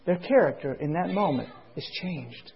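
A male preacher delivers a sermon at an unhurried pace, stretching his key words for emphasis. His voice sits high and sounds slightly husky. He keeps turning to his listeners with rhetorical questions, heard through a muffled, lo-fi recording. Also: lively intonation. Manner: asks the audience rhetorical questions. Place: meeting hall with a congregation. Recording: dull lo-fi recording.

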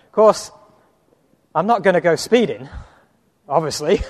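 An English preacher with a high voice tells homely stories from the pulpit, acting out both sides of conversations and chuckling as he goes. His voice rings out through a large hall with a long reverb tail. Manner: storytelling, chuckles often, acts out dialogue. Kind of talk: sermon with personal stories.

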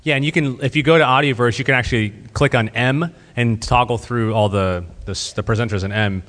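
A man giving a casual, somewhat halting presentation to a group. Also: medium pitch, fairly even intonation, fairly bright tone. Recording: reverberant hall.

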